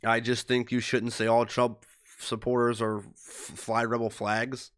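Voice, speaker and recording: A man's voice: mid-range voice, little pitch movement, a little slow, fairly bright tone. A man in his thirties rants on a live stream in a profane, heated, rambling way. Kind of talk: casual ranting live stream chat.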